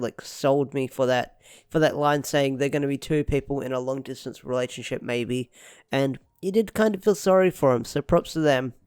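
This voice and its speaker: A man's voice: mid-range voice, a little mellow, clean tone, no echo, clean studio sound. A young man giving a casual, rambling review of a TV episode, repeating himself with lots of fillers. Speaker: show reviewer.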